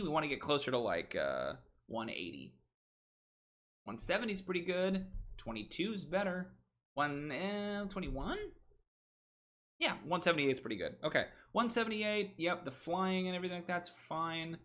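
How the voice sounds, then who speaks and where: A man chatting through a casual livestream, thinking out loud as he works. His pitch jumps around a lot and his tone is bright and forceful. He makes goofy asides along the way. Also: sing-song, moderate pace. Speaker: stream host redesigning game monsters.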